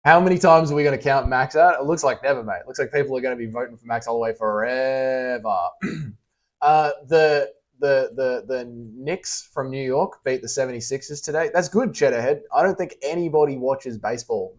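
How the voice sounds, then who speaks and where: A man's voice: mid-range voice, moderate pace. A young Australian man casually chatting on a livestream, reading out and answering chat messages with blunt, teasing, sweary banter.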